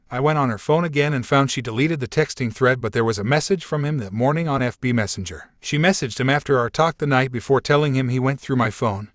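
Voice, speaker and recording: A man reading online posts aloud as scripted narration, in a steady, even delivery. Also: mid-range voice, dry recording, studio quality. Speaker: story narrator.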